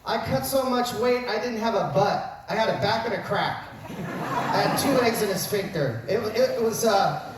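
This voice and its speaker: Speaking at a moderate pace in a high voice, this wrestling coach in his fifties tells comic stories at his own expense during an after-dinner speech. The setting is a big banquet hall at a dinner event, captured from a distance with heavy echo and slight background noise.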